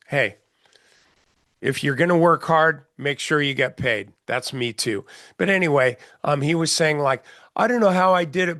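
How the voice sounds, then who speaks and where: Man, middle-aged, trading mentor, blunt folksy talk, chatty, middle pitch, dry recording. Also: a bit bright, dry recording. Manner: blunt, folksy, chatty with many fillers and restarts. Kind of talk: casual market commentary session.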